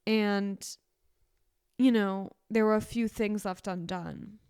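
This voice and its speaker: A woman's voice: mid-range voice, fairly even intonation, slow, darkish tone, clear, resonant tone, no echo, studio quality. Young woman rambling through a stressful story. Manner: rambling, self-correcting, emotional storytelling. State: sick. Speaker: podcast co-host. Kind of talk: casual chat.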